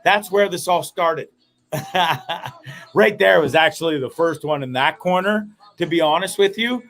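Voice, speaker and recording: A man hosting a comedic live show, telling stories in a rambling, profane, animated way. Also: on the high side, measured pace, vocal fry. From Canada. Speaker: host.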